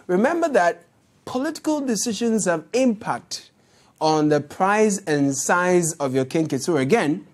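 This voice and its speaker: A news show host with a Ghanaian accent gives satirical commentary on the day's politics. The delivery is sarcastic and mocking, sitting at an ordinary middle pitch. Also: a little mellow. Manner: sarcastic, mocking, laughs at clips.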